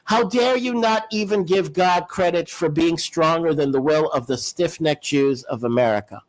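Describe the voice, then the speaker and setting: Man, host, high voice, preachy, insistent, lots of restarts, live-stream debate. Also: moderate pace, low-quality recording.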